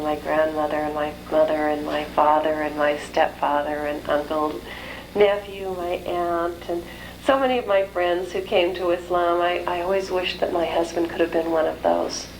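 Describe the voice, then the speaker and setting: A middle-aged woman speaks to a gathered audience in a rather low voice, telling a personal story. She tells it in a lively way and slips into the voices of the people she quotes. A faint hiss of noise sits under this old recording of a talk. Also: poor audio. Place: lecture hall.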